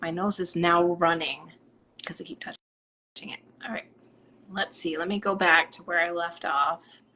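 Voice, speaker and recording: A woman from Rhode Island, hosting a live stream as a psychic medium, chatting and reading out viewer comments in a bubbly way that drops into soft whispers. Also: on the low side, fairly even intonation, unhurried, slight background noise.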